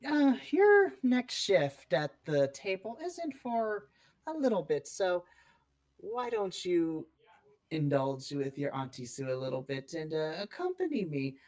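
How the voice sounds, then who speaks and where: A game master voicing a gentle, reassuring aunt who mothers a younger man in a tabletop game. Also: medium pitch, big pitch swings, a little slow, voice pushed up. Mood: affectionate. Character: warm motherly aunt, older woman. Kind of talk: tabletop role-play character voice.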